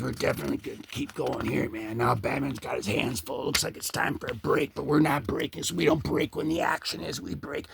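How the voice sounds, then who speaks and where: A man hosting a comic book video, rambling excitedly over the pages and slipping into goofy character voices. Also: mid-range voice, gravelly, breathy edge. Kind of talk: excited comic page commentary.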